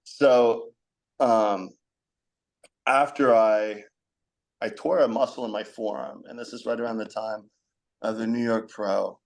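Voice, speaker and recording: A man's voice: lowish voice, steady tone, a little slow, gravelly, long pauses. A young man as a podcast guest, talking frankly in a rambling conversational way, with many fillers. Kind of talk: candid conversational storytelling.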